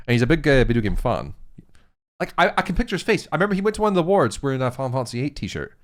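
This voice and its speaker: A young man co-hosting a casual chat, excitable and rambling, swearing freely. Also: mid-range voice, very fast. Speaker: co-host.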